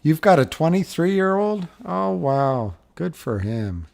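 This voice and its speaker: A middle-aged man hosts a livestream, rambling casually through viewer comments and chuckling a lot. His voice sits on the high side with vocal fry and a darkish tone, and he speaks slowly but very animatedly.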